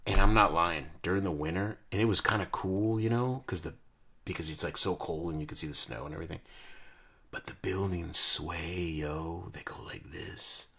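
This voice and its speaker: A young man from the United States chatting casually and excitedly while opening and reviewing card decks, full of slang and jokes. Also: low-pitched, moderate pace, slightly rough. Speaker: card collector host. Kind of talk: casual unboxing chat.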